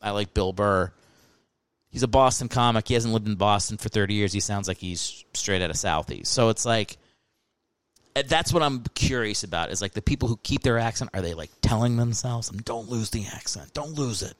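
This thirty-something man, whose accent draws on the American South and New Jersey, hosts a podcast with a loose, filler-heavy comic monologue. He talks briskly in a smooth, lowish voice with no echo around it.

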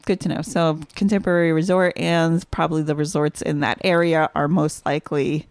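A woman's voice: deep voice, little pitch movement, brisk, darkish tone, no room sound. Giggly woman chatting on a dry mic. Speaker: podcast co-host. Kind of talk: casual chat.

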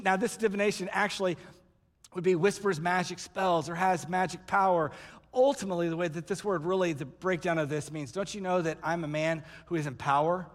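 High-voiced pastor preaching in a reverberant hall. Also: male voice, brisk. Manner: animated storytelling, acts out voices in quotes. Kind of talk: sermon.

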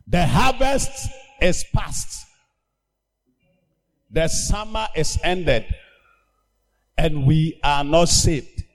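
A man preaching a sermon as pastor, emphatic and slow, breaking into shouted commands for healing. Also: fairly high pitch, sing-song, in a large hall.

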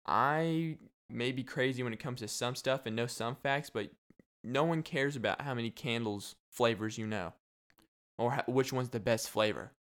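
A man's voice: mid-range voice, normal speed, a bit bright, clear, resonant tone. A young man hosting a casual solo podcast, rambling and joking with frequent laughs. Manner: rambling, jokey, laughs often. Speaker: podcast host.

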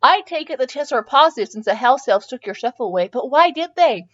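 Woman doing teenage witch girl, anxious, bossy, brisk, a little higher, muffled lo-fi sound. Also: expressive, a bit bright. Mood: worried.

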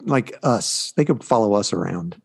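A man's voice: fairly low pitch, normal speed, creaky, breathy edge. A middle-aged man, a pharmacist, chatting casually and joking with his daughter. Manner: joking, animated storyteller. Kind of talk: casual family chat.

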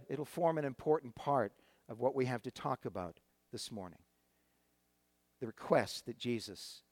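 A man's voice: mid-range voice, dry recording. A man preaching a sermon to his congregation, retelling a Bible story in a conversational way with frequent fillers and restarts. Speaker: pastor.

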